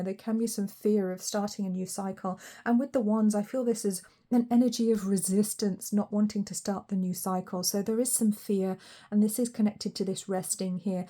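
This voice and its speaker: A woman with a posh English accent giving a casual spoken tarot reading, chatty and rambling with fillers and soft laughs. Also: mid-range voice. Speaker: tarot reader.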